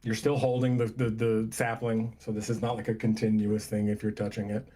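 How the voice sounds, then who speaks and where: A man narrating a tabletop game as game master, unhurried and descriptive with many pauses and fillers. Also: fairly low pitch, monotone, warm tone.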